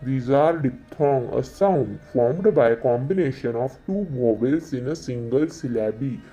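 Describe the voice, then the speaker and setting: A man giving a slow exam-revision lesson, repeating each definition several times. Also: mid-range voice, animated, warm tone, soft background music. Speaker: teacher.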